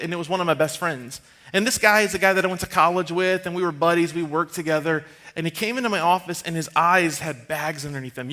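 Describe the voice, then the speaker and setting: A man in his thirties preaches from a church stage with a high, bright, forward voice. He tells stories in a loose, conversational way. He turns hushed and low when things get serious. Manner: conversational, animated storytelling, drops to a hushed tone for serious moments. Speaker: pastor. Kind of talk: storytelling sermon.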